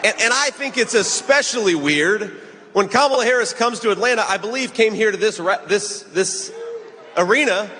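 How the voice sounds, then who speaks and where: In a clip played back from a large arena, a man delivers an emphatic, mocking rally speech as a political speaker. His voice sits high, with lively intonation and a moderate pace. Loud crowd noise and long reverb fill the recording.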